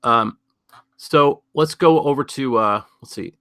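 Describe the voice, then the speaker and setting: A man's voice: medium pitch, measured pace, pushed and bright, no echo, clean studio sound. A man hosting a casual news commentary show, rambling and sardonic, thinking aloud with many fillers and asides. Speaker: podcast host.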